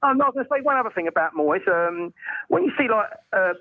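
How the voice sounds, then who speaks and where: A man on a football podcast who talks quickly in a high voice, hesitating and restarting as he works out his opinions. The sound is close and dry. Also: expressive, pushed and bright, no room sound, rough recording. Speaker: podcast co-host. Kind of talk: casual fan podcast chat.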